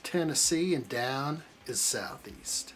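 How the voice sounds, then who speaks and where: A man's voice: mid-range voice, animated, slow pace, a bit bright, slight background noise. A man hosting a live building stream, chatting casually and teasing his viewers while he reads their comments. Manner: joking, teasing banter while reading chat aloud. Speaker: live stream host building a model kit.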